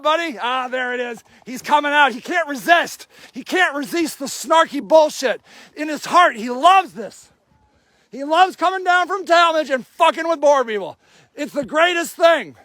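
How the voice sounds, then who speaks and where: A man livestreaming from a homeless camp sweep, shouting angrily and confronting officials. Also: extremely high pitch, dry recording, clean studio sound. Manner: shouting, furious, accusatory. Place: outdoor homeless camp in snow.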